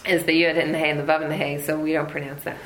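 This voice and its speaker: A woman leads a text study class in a slightly low voice, explaining step by step and tossing in lively asides. The room gives her voice a noticeable echo, with a faint hum of background noise underneath. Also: racing. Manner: explanatory, animated asides, frequent "right?". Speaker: Torah class teacher.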